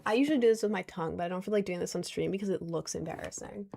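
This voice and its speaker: A woman's voice: on the low side, rapid-fire, vocal fry, dark tone. A woman of twenty chatting casually on a stream, answering viewer questions in a rambling, giggly way with lots of restarts. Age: 20s.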